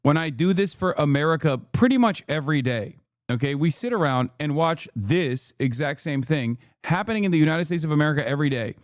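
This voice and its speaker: A man's voice: on the high side, lively intonation, a little fast, no echo. A man hosting a reaction stream, ranting sarcastically and swearing a lot, recorded close on a studio mic. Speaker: streamer host.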